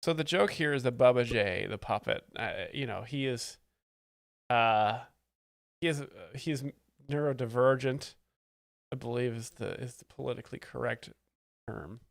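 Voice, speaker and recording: A man's voice: medium pitch, moderate pace, gravelly, dry recording. Dry, sarcastic male stream host. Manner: dry sarcastic mock-expert. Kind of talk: casual live-stream commentary.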